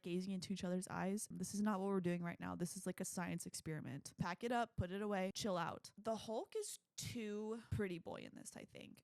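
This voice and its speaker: A young woman hosting a casual movie review podcast, blunt and animated, with plenty of swearing. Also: medium pitch, no echo. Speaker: podcast host.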